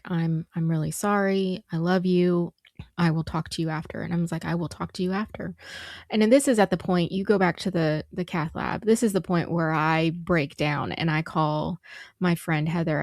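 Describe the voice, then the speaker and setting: A woman's voice: fairly low pitch, no room sound, studio quality. A middle-aged woman co-hosting a podcast, telling an emotional family story with lots of quoted dialogue. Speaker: podcast co-host. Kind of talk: conversational storytelling.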